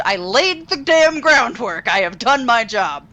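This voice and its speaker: A young adult woman chats on a podcast in a slightly higher voice, animated and quick to swear as she tells her story. She talks casually with her co-hosts. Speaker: podcast co-host.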